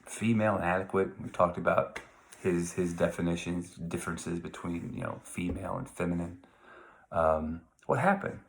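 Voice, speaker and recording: A man's voice: deep voice, monotone, moderate pace, vocal fry. A man teaching a literature lesson to his class, talking in a loose, conversational way, wandering off on asides and reading passages aloud. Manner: conversational, digressive, reads quotes aloud. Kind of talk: recorded literature lecture.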